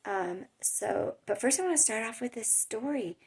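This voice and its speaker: A woman's voice: on the high side, lively intonation, moderate pace, darkish tone, slightly rough. A woman vlogging about her life with chronic illness, telling stories in a chatty, rambling way with little laughs. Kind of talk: casual storytelling to camera. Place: home in a hot desert area.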